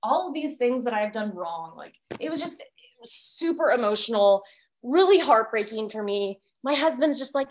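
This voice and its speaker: A woman with a slightly raised pitch tells a personal story as a podcast guest. She speaks candidly and with life, and often slips into voicing what she was thinking at the time. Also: normal speed. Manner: candid and lively, acting out her own past thoughts.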